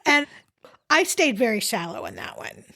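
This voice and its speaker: A woman's voice: fairly high pitch, big pitch swings, normal speed, vocal fry, pushed and bright. A woman co-hosting a podcast, chatting casually and laughing often about a trip. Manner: giggly, chatty, with frequent restarts. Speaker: podcast co-host. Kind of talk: casual travel chat.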